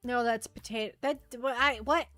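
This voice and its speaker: Bright, high-voiced woman streamer. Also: fairly even intonation, normal speed, no echo, faint music behind. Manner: chatty, reads chat aloud, trails off and restarts. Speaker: VTuber streamer. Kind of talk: casual livestream chat.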